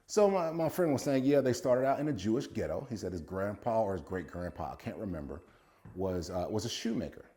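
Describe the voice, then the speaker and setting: A man's voice: lowish voice, animated, a little fast, mellow, soft background music. A man, a former football player turned business coach, telling a story to camera and quoting a friend aloud with frequent laughs.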